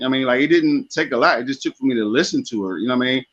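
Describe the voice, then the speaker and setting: A man's voice: medium pitch, rapid-fire, a bit bright. Male call-in guest, laid-back and hesitant, dull remote-line sound. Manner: easygoing, hesitant with fillers. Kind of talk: casual advice chat.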